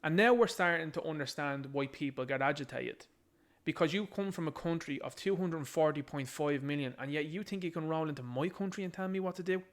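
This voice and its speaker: A man's voice: a little high, fairly quick. An Irish man giving ranting political commentary, emphatic and combative, hammering his points with repetition. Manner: emphatic, combative, repeats key phrases.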